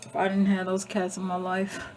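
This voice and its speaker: A woman's voice: mid-range voice, monotone, moderate pace, very noisy. A woman vlogger telling a story in a blunt, emphatic, heavily profane way, often restarting and repeating herself. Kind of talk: casual storytelling.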